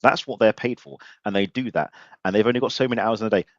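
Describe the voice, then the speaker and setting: A man's voice: on the low side, fast, no echo, muffled recording. A man hosting a live-stream interview, blunt and joking, with emphatic opinions and mild swearing. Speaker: podcast host.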